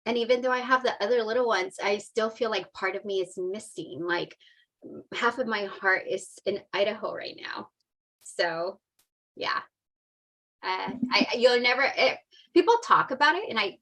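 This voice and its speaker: A woman's voice: medium pitch, lively intonation, moderate pace, a bit bright. A woman in her forties, a podcast guest, talking openly and emotionally in a casual chat. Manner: open, emotional, talkative.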